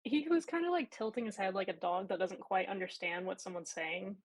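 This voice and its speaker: A woman's voice: mid-range voice, fairly quick, rough recording. A woman player vividly describing her monster character's actions in a tabletop game.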